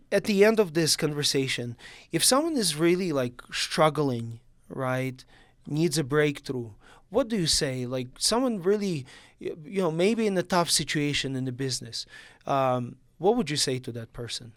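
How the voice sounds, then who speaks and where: A man's voice: a little high, expressive, moderate pace. A man hosting a podcast interview, conversational, often checking in with "right?". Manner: conversational, tags questions with "right". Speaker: podcast host. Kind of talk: casual interview talk.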